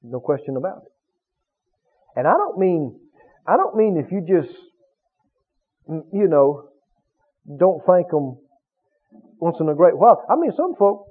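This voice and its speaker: Male preacher, high and lively, quizzing his flock, husky tone, thin phone-like sound. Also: measured pace, long pauses. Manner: animated, questioning the congregation, acting out quotes. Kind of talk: sermon. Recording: phone-like tinny recording.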